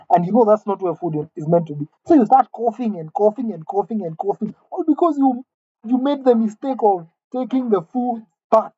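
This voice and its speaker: A woman delivering a mock-serious comic rant, indignant and halting, often repeating her words. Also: mid-range voice, dark tone, slightly rough, highs cut off. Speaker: comedic vlogger.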